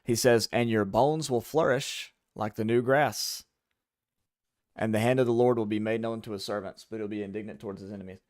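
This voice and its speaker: Low-voiced man reading scripture slowly. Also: fairly even intonation, a little mellow, no room sound, clean studio sound. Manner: reads scripture slowly and explains it. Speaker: co-host of a Bible radio show. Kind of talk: casual Bible study chat.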